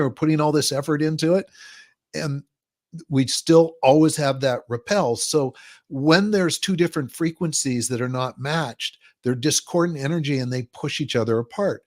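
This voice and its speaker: A man's voice: fairly high pitch, normal speed. Man explaining at length in an interview. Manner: explains at length, acts out quoted people in a livelier voice. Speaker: guest. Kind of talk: conversational podcast interview.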